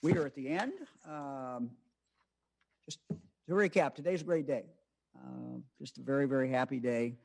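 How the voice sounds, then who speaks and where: An older man in his seventies answering press questions as governor, halting with many fillers. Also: mid-range voice, steady tone, gravelly, a little mellow.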